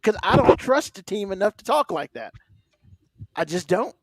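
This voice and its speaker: A man's voice: high voice, sing-song, moderate pace, no room sound, studio quality. A man co-hosting a casual sports podcast, ranting animatedly and swearing freely. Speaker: podcast co-host.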